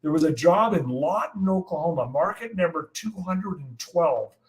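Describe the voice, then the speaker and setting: Older male meteorologist guest, lively storyteller, somewhat high voice. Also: normal speed, rough recording. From United States. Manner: animated anecdote telling, acts out quotes. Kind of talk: storytelling in an interview.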